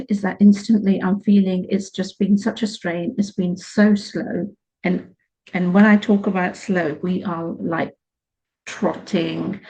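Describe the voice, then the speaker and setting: Woman tarot reader, warm low-key delivery, chatty and laughing, slightly muffled recording. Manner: chatty, laughs easily, playful sarcastic asides to viewer. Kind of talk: intuitive tarot reading to camera.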